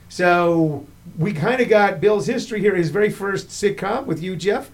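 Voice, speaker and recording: A middle-aged man hosting a casual chat, telling anecdotes with lively acted-out quotes. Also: high-pitched, moderate pace, hardly any pauses. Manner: animated storyteller, acts out the people he quotes. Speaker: podcast host.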